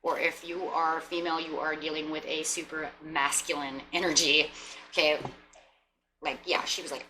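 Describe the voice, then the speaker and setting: A woman's voice: deep voice, little pitch movement, normal speed, heavy background noise. A woman giving a casual tarot reading, talking in a rambling way and acting out short imagined exchanges. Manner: chatty, rambling, acts out little quoted exchanges. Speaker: tarot reader.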